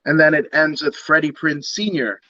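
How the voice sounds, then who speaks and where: A man's voice: a little high, moderate pace, no echo. A man co-hosting a casual podcast, telling stories and acting out bits. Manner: animated storyteller, acts out bits. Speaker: podcast co-host. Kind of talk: casual chat. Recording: dull lo-fi sound.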